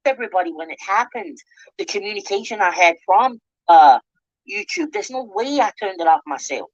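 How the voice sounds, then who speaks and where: Scottish woman, combative commentary rant, lively swings in pitch, dry muffled recording. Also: normal speed, no room sound. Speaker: channel host. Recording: dull lo-fi dry audio.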